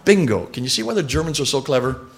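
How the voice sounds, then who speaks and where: A man lecturing a live audience, animated and quizzing listeners with rhetorical questions. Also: mid-range voice, fast, vocal fry, faint music behind.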